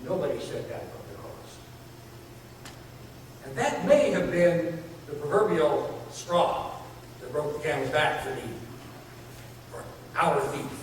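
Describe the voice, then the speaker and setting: A man's voice: fairly high pitch, expressive, slow, long pauses, a little hiss or hum. A man preaching a sermon in a church, earnest, building emphasis with repeated phrases. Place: church sanctuary. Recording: echoey hall from far off.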